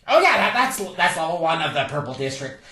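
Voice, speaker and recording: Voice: mid-range voice, very animated, a little fast, sharp tone, echoey room. A player voicing a small, chatty gatekeeper in a tabletop game, rambling and gossipy with lots of filler words. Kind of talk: tabletop role-play character voice.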